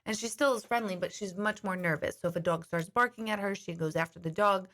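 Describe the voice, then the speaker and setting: A woman's voice: medium pitch, fast talker, fairly bright tone. A middle-aged woman host chatting casually to her viewers, telling a long rambling story. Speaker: intuitive host.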